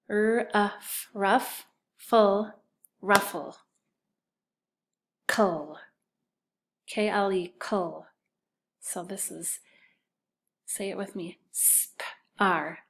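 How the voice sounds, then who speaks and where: A woman teaching children phonics at a slow, patient pace. She sounds out syllables and spells each word letter by letter. Her voice sits at an ordinary middle pitch. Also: vocal fry. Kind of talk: recorded phonics lesson for children.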